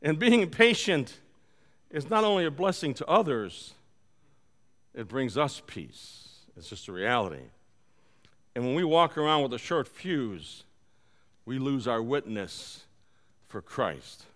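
A man preaching a conversational sermon, telling a personal story and moving between soft, quiet stretches and loud, animated bursts. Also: medium pitch, slow, pauses often. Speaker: pastor. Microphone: live-streamed service.

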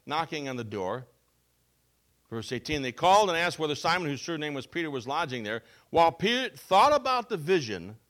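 A man preaching a sermon as a pastor. He reads scripture and explains it with emphasis, going from loud to soft. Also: fairly high pitch. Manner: emphatic, with wide swings between loud and soft.

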